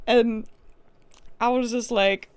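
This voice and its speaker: A young woman chats on her game stream from home, her voice sitting fairly high. She rambles through a story, tripping over her words and restarting often. The sound is close and dry, with no room around it. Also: steady tone, slow, darkish tone, clear, resonant tone, no room sound. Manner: rambling, chatty storytelling with many restarts and fillers. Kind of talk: casual livestream chat while playing a game.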